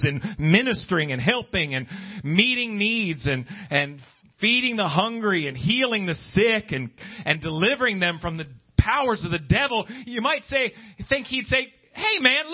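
A man preaching a sermon, swinging between high pleading exclamations and low hushed asides. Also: breathy edge. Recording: dull lo-fi recording.

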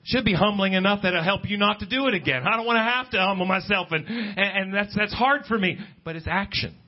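Man preaching, husky voice, slightly high pitch, dull lo-fi recording, faint guitar behind. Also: quick pace. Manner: conversational preaching, pitch climbing when emphatic. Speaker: pastor. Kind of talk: sermon. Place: church service.

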